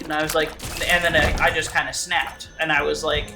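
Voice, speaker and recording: A man's voice: a little high, little pitch movement, brisk, few pauses. A young man casually telling a story over gameplay, rambling and swearing with many restarts and fillers. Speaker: let's play host. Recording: roomy sound with game music behind. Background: game music.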